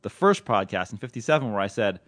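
A man's voice: on the low side, big pitch swings, fast talker, fairly bright tone. A man hosting a podcast, talking casually and joking, laughing often. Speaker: podcast host. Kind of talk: casual chat.

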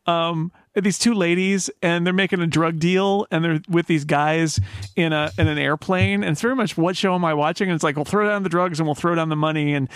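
A man's voice: fairly high pitch, steady tone, brisk, fairly bright tone, smooth, no room sound. A man hosting a podcast, recapping a show in a rambling casual way. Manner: rambling recap, many restarts. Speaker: podcast host. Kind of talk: casual chat.

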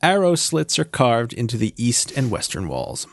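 A man narrating as game master, describing scenes with frequent pauses and fillers. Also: medium pitch, big pitch swings, vocal fry, dry recording, clean studio sound.

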